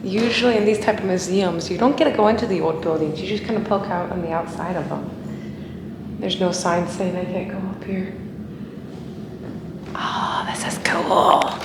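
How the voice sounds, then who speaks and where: A woman talking casually to camera as a travel vlogger, chatty and easily excited, thinking out loud as she goes. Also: lowish voice, a little fast, noisy background. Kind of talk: casual vlog chat to camera.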